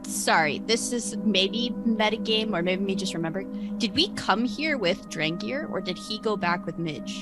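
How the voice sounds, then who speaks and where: A woman's voice: mid-range voice, animated, normal speed, over loud music, poor audio. A woman playing a tabletop game, chatting casually and thinking aloud. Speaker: player.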